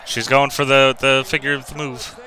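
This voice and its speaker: A man on a voice chat call doing excitable, laughing commentary while watching wrestling. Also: medium pitch, normal speed. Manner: excitable, laughing, shouting play-by-play. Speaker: co-host.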